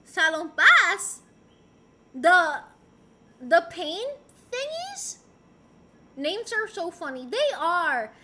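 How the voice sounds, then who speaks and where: A young woman hosts a live stream, talking casually and reading chat aloud. Her voice sits high and sounds bright and ringing. She keeps it animated and laughs often. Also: very slow, pauses often, a little hiss or hum. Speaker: livestreamer.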